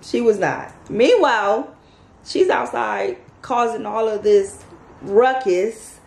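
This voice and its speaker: A woman vlogger telling a story to her viewers in a casual, animated, chatty way. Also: a little high, slow, vocal fry. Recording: echoey room, faint background noise.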